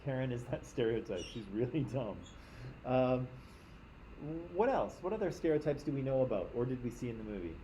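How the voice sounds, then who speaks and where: A man's voice: medium pitch, lively intonation, a little fast, dark tone, slight background noise, low-quality recording. A man from Canada, teaching a class in a conversational lecture and often checking in with his listeners.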